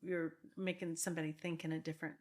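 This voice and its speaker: In this casual interview, a female real estate broker in her fifties talks fast in a low, flat voice. Her tone is earnest and thoughtful, dotted with frequent restarts and quiet laughs.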